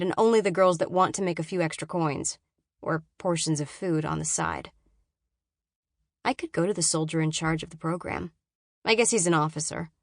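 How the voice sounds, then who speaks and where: Low-voiced woman narrating a novel. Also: no echo, studio quality. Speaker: audiobook narrator. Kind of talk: first-person novel narration.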